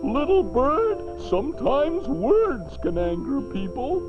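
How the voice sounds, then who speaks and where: A man's voice: extremely high pitch, big pitch swings, slow, over music, heavily acted. A man playing a cheerful, easygoing neighbor in an old children's film. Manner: friendly, easygoing. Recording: dull old film soundtrack.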